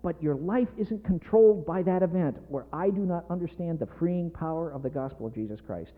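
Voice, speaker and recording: Middle aged preacher guy getting worked up, bouncy higher voice, tinny lo-fi sound w/ long hall reverb. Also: lively intonation, brisk. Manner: passionate, emphatic preaching with rising intensity. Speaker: pastor. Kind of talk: sermon.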